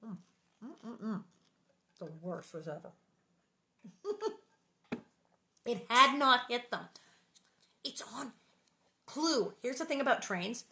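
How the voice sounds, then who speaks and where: A woman's voice: fairly high pitch, expressive, slow pace, long pauses, bright, forceful tone. A woman reading a children's book aloud and breaking off for playful, joking asides. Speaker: reader and host of the channel.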